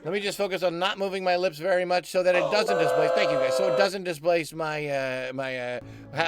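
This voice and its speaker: A man's voice: a little high, fairly quick, over music. A man hosting a comic stream, rambling and stammering, often cutting himself off and answering his own questions. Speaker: comedy stream host. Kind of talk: rambling comic livestream banter.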